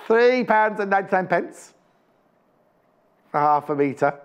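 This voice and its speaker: Chatty man presenting shopping TV, higher voice. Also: expressive, measured pace, clear, resonant tone, lo-fi sound. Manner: chatty, jokey, teasing asides. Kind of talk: live TV sales chat. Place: TV studio.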